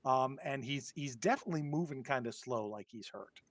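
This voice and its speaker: With a middle-pitched, slightly bright voice, a man narrates a horror tabletop game as its game master. He hesitates a lot, pausing often and filling the gaps with "um" and similar filler words, recorded dry and up close without any echo.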